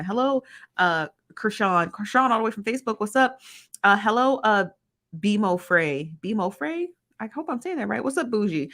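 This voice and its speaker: A woman's voice: medium pitch, fairly bright tone. A woman hosting a casual livestream, chatty and slangy, greeting viewers by name. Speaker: livestream host.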